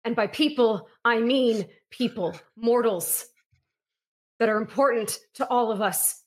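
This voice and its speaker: A woman's voice: on the high side, unhurried. A woman playing a tabletop game, firm and scolding in character. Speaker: player. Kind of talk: tabletop role-play.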